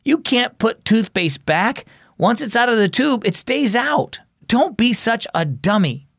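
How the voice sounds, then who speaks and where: A man's voice: very high voice, big pitch swings, unhurried, creaky, a bit bright, no echo, clean studio sound, voice pushed up, exaggerated voice. A man voicing an earnest, apologetic boy who is babysitting his little brother in a storybook reading. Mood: scolding.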